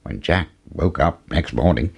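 A man reading a fairy tale aloud as a storyteller, with expressive rises and falls. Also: unhurried, vocal fry, breathy edge. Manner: expressive, with wide swings in pitch.

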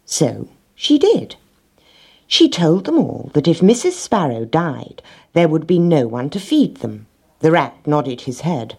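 A woman reading a children's storybook aloud in a gentle, measured way. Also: deep voice, big pitch swings, vocal fry, husky.

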